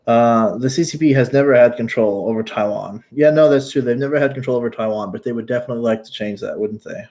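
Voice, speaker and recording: A man's voice: mid-range voice, fast, a little mellow. A man from the United States, talking casually on a livestream and answering chat with blunt, outspoken remarks and casual swearing. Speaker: YouTuber answering live chat.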